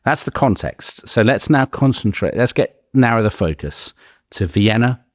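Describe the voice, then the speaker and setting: Deep-voiced man telling history. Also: moderate pace, no echo, studio quality. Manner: lively, animated storytelling. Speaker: podcast co-host. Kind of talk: conversational history storytelling.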